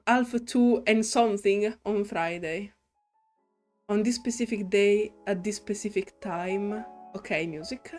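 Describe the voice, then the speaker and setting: Slow-talking Italian woman. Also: mid-range voice. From Italy. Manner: playful and chatty, hums to herself. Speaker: gaming YouTuber. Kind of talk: casual game commentary. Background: faint game music.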